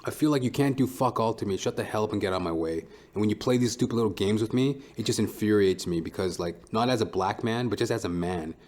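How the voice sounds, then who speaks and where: A man's voice: lowish voice, fast, hardly any pauses, darkish tone. A man who is a stand-up comedian, hosting his own podcast in a blunt, profane, rambling monologue.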